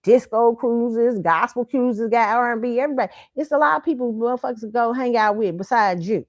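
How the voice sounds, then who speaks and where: Woman host going off in a profane rant, kinda high voice, slightly muffled audio. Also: fairly quick. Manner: blunt, profane, mocking. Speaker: show host. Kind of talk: ranting opinion commentary.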